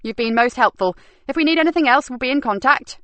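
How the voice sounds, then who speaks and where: A woman's voice: sits high, lively intonation, fast talker, a bit bright, no room sound, voice pushed up. A woman voicing a tough, driven female detective inspector with a firm, cool, clipped manner.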